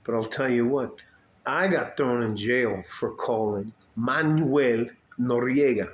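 A man's voice: mid-range voice, slow pace, roomy sound, muffled recording. A man in his late fifties, ranting bluntly and profanely to his viewers, often breaking off mid-thought. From United States. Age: 50s. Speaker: vlogger. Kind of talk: unscripted rant to camera.

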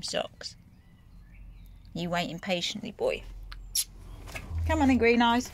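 A woman filming herself outdoors on a phone, chatting fondly and coaxingly to a cat. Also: mid-range voice. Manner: coaxing, fond pet talk. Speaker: vlogger feeding a feral cat. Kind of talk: casual chat to a pet.

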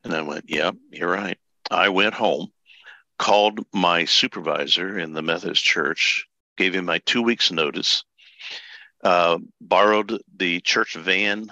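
Older man in his 70s, pastor telling life story; low voice, unhurried, folksy fillers. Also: pushed and bright, dry recording, muffled recording. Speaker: podcast guest, pastor. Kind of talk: storytelling interview.

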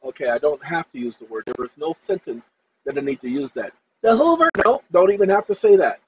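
A man's voice: a little high, expressive, fast, lo-fi sound, a little hiss or hum. A man hosting his own channel, talking to viewers in an emphatic, combative, colloquial monologue. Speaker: channel host.

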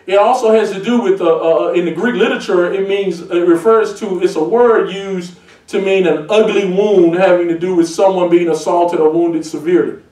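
A man preaching a sermon as a pastor, emphatic and building to shouted points. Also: sits high, fairly even intonation, moderate pace. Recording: echoey church heard from a distance.

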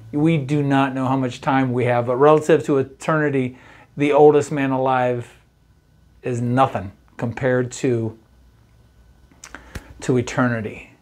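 Middle-aged man, campus pastor, folksy devotional delivery, mid-pitched. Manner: conversational, folksy, often asks "right?". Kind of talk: daily devotional talk.

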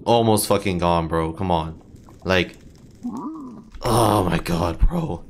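Brief: young male gamer, lowish voice, loose foul-mouthed running commentary, faint game noise under it. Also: takes it slowly. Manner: frustrated, swears a lot, yelps at hits. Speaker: gaming channel host. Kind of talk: casual gameplay commentary.

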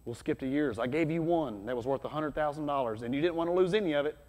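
Male pastor, higher-pitched, lively conversational preacher with loud peaks, recorded with long hall reverb. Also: quick pace. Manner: energetic, conversational preaching with sudden loud bursts. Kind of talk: sermon. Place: church hall.

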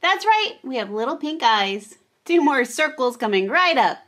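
A woman hosting a children's toy show, narrating playfully in a gentle, patient teaching tone. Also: high-pitched, sing-song, normal speed.

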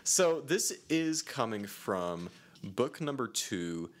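A man's voice: medium pitch, slow. A man co-hosting a casual podcast, chatting animatedly and reading a long passage aloud. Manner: animated, lively, reads a long quote aloud. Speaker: podcast co-host.

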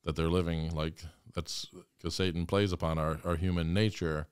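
A man's voice: sits low, little pitch movement, normal speed, clear, resonant tone, no echo, clean studio sound. A man, a priest, talking earnestly and with passion in an interview. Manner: earnest, impassioned storytelling. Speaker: guest priest. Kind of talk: conversational interview.

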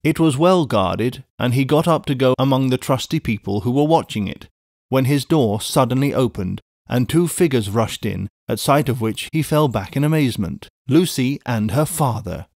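A man narrating a classic novel as an audiobook in a measured, even reading. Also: mid-range voice, dry recording, clean studio sound. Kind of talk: scripted narration.

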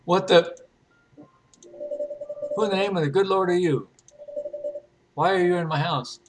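A man voicing an indignant homeowner who loudly accuses an intruder. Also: on the high side, animated, fairly quick, a little hiss or hum, lightly acted. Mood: outraged. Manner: loud, blustering, accusing.

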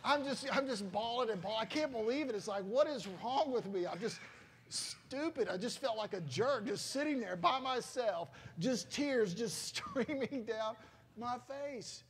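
A middle-aged pastor preaches with a notably high-pitched voice. He talks to the congregation in a loose, conversational way, telling stories with emotional exclamations. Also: animated, unhurried, husky. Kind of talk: sermon.

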